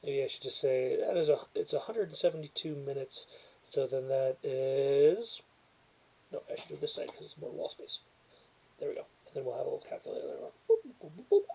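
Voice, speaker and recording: A rambling man talks casually into a laptop webcam from his couch at home. His voice is mellow and a little husky, and he stumbles and restarts often, poking fun at himself as he goes. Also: mid-range voice, fairly quick, low-quality recording. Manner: rambling, self-deprecating, frequent restarts and stumbles. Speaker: movie reviewer. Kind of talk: casual rambling chat and reading a cover blurb aloud. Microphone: built-in webcam or laptop mic, new mic not set up.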